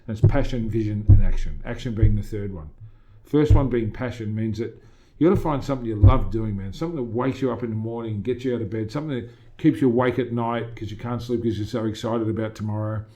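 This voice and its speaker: A middle-aged Australian gym owner talking as a guest in a casual interview, emphatic and motivational, often quoting himself. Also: male voice, fairly low pitch, fast, few pauses, warm tone.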